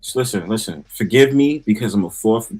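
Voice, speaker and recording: A man's voice: fairly low pitch, lively intonation, fairly quick, a little mellow, breathy edge. A man with a New York accent, joking and arguing on a live stream in a playfully indignant way. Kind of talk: casual banter.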